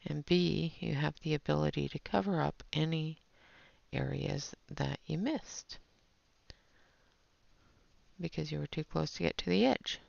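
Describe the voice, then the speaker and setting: Colouring on stream, a woman chats easily with people in her chat. She sits low in pitch and talks a little slowly, with vocal fry, long pauses and a darkish tone, in dull, lo-fi audio with no echo.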